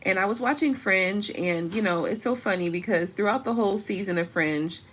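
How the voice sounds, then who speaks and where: A woman's voice: mid-range voice, moderate pace. A woman vlogger in an unscripted monologue, talking emphatically and preachily with frequent profanity.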